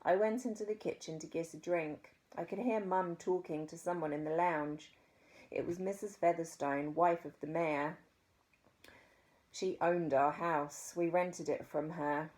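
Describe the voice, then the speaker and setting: A woman with a New Zealand accent reading a children's story aloud, expressive with dramatic pauses. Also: fairly low pitch.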